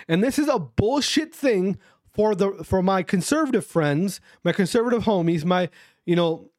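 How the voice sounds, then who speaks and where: A man's voice: high voice, no room sound, clean studio sound. A man hosting a podcast, ranting casually, swearing a lot and repeating himself. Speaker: podcast host. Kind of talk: casual profane podcast rant.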